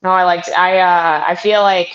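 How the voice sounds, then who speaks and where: A young woman doing a stand-up comedy set, with a halting delivery full of fillers and restarts. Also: fairly low pitch, flat delivery, fairly bright tone. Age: young adult. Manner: halting, filler-heavy delivery with self-deprecating jokes. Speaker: stand-up comic. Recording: muffled lo-fi sound.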